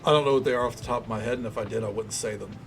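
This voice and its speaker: Loud music plays behind this Tennessee streamer as he races through his words in a medium-pitched voice. Chatting with viewers while gaming, he rambles easily with plenty of fillers and a faint Southern drawl.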